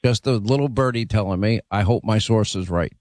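A man's voice: on the low side, brisk, a little mellow, no room sound. A middle-aged man hosting an interview, making assertive, confident predictions. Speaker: interview host. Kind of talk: interview commentary.

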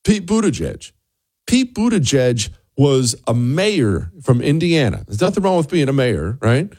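Hosting a talk radio show, a man delivers an opinionated monologue laced with sarcastic asides, repeating words for emphatic punch. His voice sits on the high side and is a little mellow. The studio recording is clean, with no room sound.

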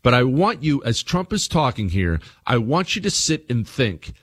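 A man hosting his own talk radio show, commenting emphatically, repeating phrases and swinging between low asides and raised points. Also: very animated, normal speed, a bit bright, husky.

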